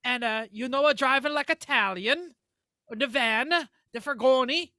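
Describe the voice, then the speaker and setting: A man's voice: very high-pitched, a little slow, sharp tone, no echo, studio quality. A man co-hosting a casual racing podcast, joking and rambling as he reads notes. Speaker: podcast co-host. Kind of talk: casual chat.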